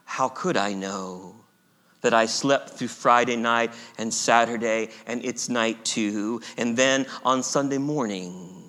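A man giving an expressive, dramatic story reading, swinging from urgent and loud to hushed and slow. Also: medium pitch. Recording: long hall reverb.

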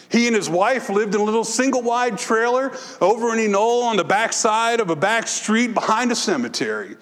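A man with a high-pitched voice delivers a sermon from the pulpit of a church sanctuary. His words trail off into a long reverberation in the hall. He swings between impassioned exhortation and quiet, reflective storytelling. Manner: rising to impassioned exhortation, dropping to soft reflection. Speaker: pastor.

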